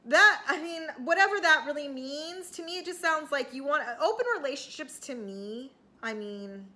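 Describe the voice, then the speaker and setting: A woman with a high voice talks through a reality TV episode in an offhand, sarcastic style. She rambles with lots of "you know" and "like," and her tone is bright and sharp. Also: normal speed. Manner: chatty, sarcastic, rambling with fillers and occasional cussing. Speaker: TV recap vlogger. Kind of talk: casual reality TV recap.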